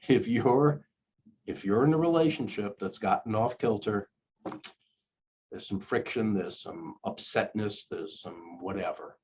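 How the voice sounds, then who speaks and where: An older man who works as a conflict coach speaks straight to the camera, offering earnest, coaxing advice and acting out sample apologies. His voice is lowish, unhurried, a little mellow and slightly rough, and the recording is dull and lo-fi.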